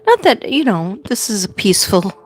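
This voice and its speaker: A woman's voice: medium pitch, sing-song, moderate pace, a little hiss or hum. A woman hosting a casual livestream from home, chatty and rambling, laughing often. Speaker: livestream host.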